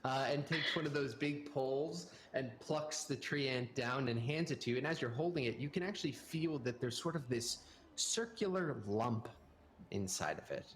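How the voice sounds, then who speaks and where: Lively, animated game master. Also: male voice, medium pitch, moderate pace, slight background noise. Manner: lively, playful narration. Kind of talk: narrating a tabletop game.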